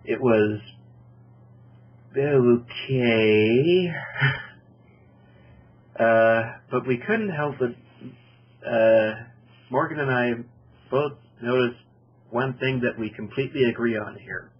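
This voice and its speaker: A man hosting a casual film review podcast, summing up a plot in a halting way with many fillers. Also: mid-range voice, slightly rough. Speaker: podcast host. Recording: dull lo-fi podcast audio.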